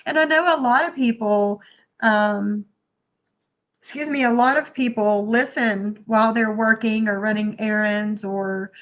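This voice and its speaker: A woman's voice: fairly high pitch, a bit bright. A woman hosting a live stream, chatting casually and thanking viewers as she reads their comments. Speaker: livestream host.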